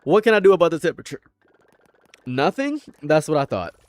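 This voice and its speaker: A man's voice: a little high, sing-song, a little fast, darkish tone, no room sound. A young man chatting casually on a livestream from his room at home, rambling, repeating himself and mocking people. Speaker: streamer.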